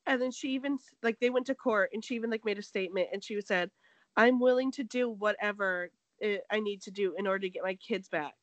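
A woman's voice: medium pitch, fast talker, no echo, lo-fi sound. A woman co-hosting a casual gossip chat, retelling a story with lots of "like" and acting out the quotes. She says she is sick. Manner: animated storytelling, acts out quotes, heavy "like".

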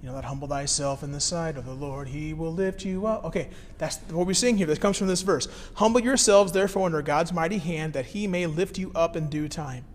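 Male pastor, 30s, slightly high voice, relaxed sermon delivery, reverberant hall sound. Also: a little fast, few pauses. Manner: conversational, reads scripture then explains it plainly. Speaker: care pastor.

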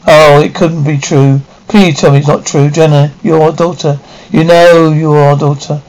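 A middle-aged mother who clings to her family, her voice gentle and pleading. The performance carries the theatrical polish of late-1950s television drama. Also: low-pitched, little pitch movement, moderate pace, poor audio. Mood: anxious. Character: doting, anxious mother.

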